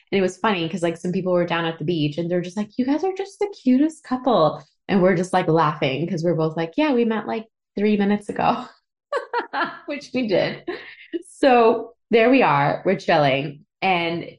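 A woman's voice: fairly low pitch, a little mellow. A woman hosting a podcast, telling a personal story in a casual, chatty way, with frequent giggles and "like" fillers. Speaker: podcast host.

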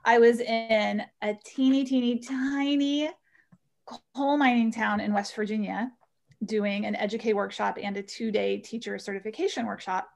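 A woman who teaches yoga, telling an animated story as a guest in an interview. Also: mid-range voice, moderate pace, creaky. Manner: animated storyteller, acts out voices in quotes.

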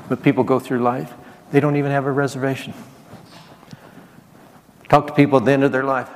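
A man's voice: medium pitch, flat delivery, a little fast, pauses often, in a large hall. A man preaching a sermon as pastor, calling on the congregation to repeat lines and acting out quotes in his talk. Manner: preaching with call-and-response and acted quotes.

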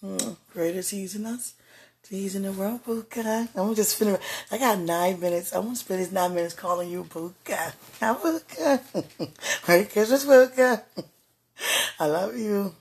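A woman in casual devotional chat, talking softly and affectionately in a drifting, intimate way. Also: lowish voice, steady tone, moderate pace, breathy edge.

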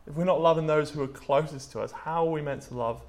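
A man's voice: fairly high pitch, fast, a little mellow. A young man from England giving a casual sermon, chatty and full of fillers as he tells stories. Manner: chatty, many "like" and "um" fillers, storytelling. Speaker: preacher.

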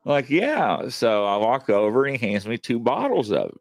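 A man's voice: mid-range voice, very animated, moderate pace, dry recording. A man hosting a show and telling a long, chatty story, with many fillers along the way. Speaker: host. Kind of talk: casual storytelling.

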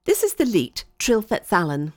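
A woman voicing a patient, helpful female android guide who explains things gently. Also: mid-range voice, huge pitch swings, moderate pace. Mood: explaining.

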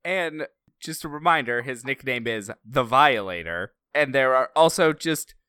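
A man with a smooth, clear voice speaks slowly and makes dry, wry remarks in a casual film chat. The sound is dry and close. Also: medium pitch, animated, bright, forceful tone, no room sound. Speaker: podcast co-host.

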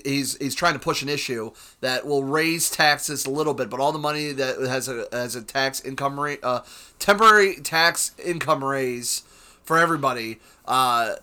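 A man's voice: medium pitch, pushed and bright. A man on a podcast in casual chat, rambling with lots of fillers. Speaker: podcast guest.

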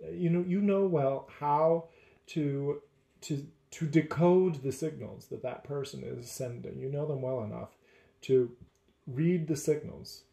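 A man who teaches, talking through faith and relationships in a measured, deliberate way. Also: a little high, vocal fry, dark tone, roomy sound. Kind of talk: casual faith discussion.

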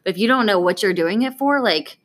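Fast-talking woman reminiscing about teaching. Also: medium pitch. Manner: animated, fast storytelling with acted-out quotes. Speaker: podcast co-host, former teacher and administrator. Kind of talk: casual conversation.

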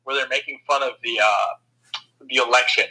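A man's voice: medium pitch, fairly even intonation, moderate pace, sharp tone, poor audio. A man co-hosting a podcast, chatting casually and hesitantly with many fillers. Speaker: podcast co-host. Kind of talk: casual chat.

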